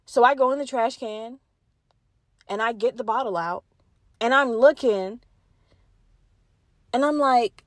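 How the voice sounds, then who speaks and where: A young woman with a fairly high voice tells a story on her own podcast, swearing freely and talking to her listeners as "y'all." The sound is dry and close, with no room echo. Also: measured pace, pauses often. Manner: profane, animated, addresses listeners as y'all. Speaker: podcast host. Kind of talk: casual storytelling monologue.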